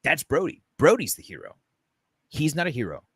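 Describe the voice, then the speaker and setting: A man's voice: a little high, huge pitch swings, brisk, breathy edge, no echo, clean studio sound. A man co-hosting a podcast, talking emphatically in casual chat and swearing freely. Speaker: podcast co-host.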